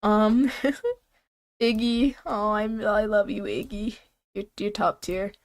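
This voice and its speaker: A woman's voice: mid-range voice, fairly even intonation, unhurried. Young woman streamer, congested and nasal-sounding, loose rambling chat. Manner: chatty, rambling, laughs often.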